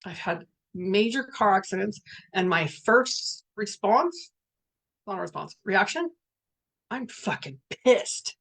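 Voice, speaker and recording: A woman's voice: mid-range voice, expressive, takes it slowly. Candid woman giving a reflective spiritual talk. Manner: candid, earnest, swears, reads out participants' messages. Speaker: workshop facilitator.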